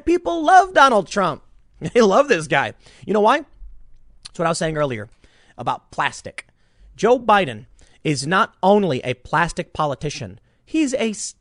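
A man giving casual political commentary in an animated, rambling way, often restarting his sentences. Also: sits high, no echo, clean studio sound.

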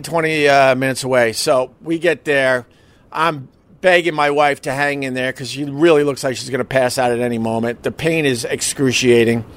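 Recorded dry, a man with a slightly high, somewhat bright voice tells the story of a personal emergency. As a husband recounting the event, he keeps it casual and emotional, swears, and acts out other people's lines.

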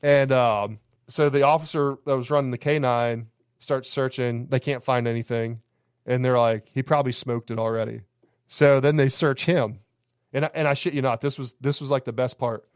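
Dude rambling thru crazy campground stories, swears a lot, dead dry sound. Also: male voice, mid-range voice, fairly even intonation, normal speed, clean tone, no echo. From Alabama. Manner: rambling, profane, laughing anecdotes. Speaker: campground owner, podcast guest. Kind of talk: casual podcast storytelling.

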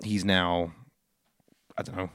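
A man co-hosting a film podcast, chatty and quick to laugh while riffing jokes. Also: low-pitched, level tone, fairly bright tone, no room sound, clean studio sound. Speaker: podcast co-host. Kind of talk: casual chat.

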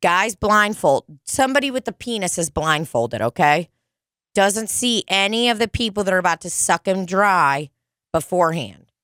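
A woman's voice: medium pitch, sing-song, moderate pace, a bit bright, no room sound, studio quality. A woman co-hosting a casual chat, riffing on crude comic bits with playful exaggeration.

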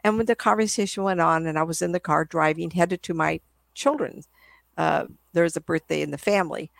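A woman's voice: low voice, brisk, creaky, no room sound. An older woman, a psychic medium guest, telling rambling stories in a casual interview. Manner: rambling, chatty storyteller.

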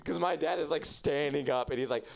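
A man's voice: a little high, fairly quick, creaky. A young man hosting a casual podcast chat with friends, rambling through stories with lots of swearing and laughter. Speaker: podcast host.

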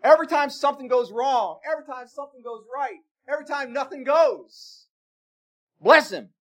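A man preaching a sermon, telling a story with emphatic swings between loud exclamations and quiet asides. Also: extremely high pitch, animated, moderate pace. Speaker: pastor.

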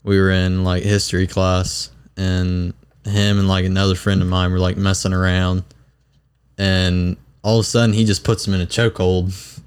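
A man's voice: low voice, little pitch movement, moderate pace, clear, resonant tone. A young man, a recent graduate, telling a story with lots of filler words and laughter. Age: young adult. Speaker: podcast guest. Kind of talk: casual chat.

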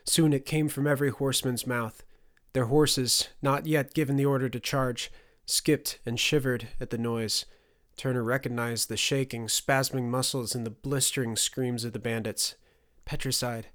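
A man reading a fantasy audiobook as its narrator, in steady, measured scripted storytelling. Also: mid-range voice.

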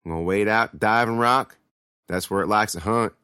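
A man voicing Lee, a steady, protective teenage older brother who gives orders in drawling country speech, in a horror storybook reading. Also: fairly low pitch, normal speed, clean tone, no room sound, studio quality. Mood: calm, commanding.

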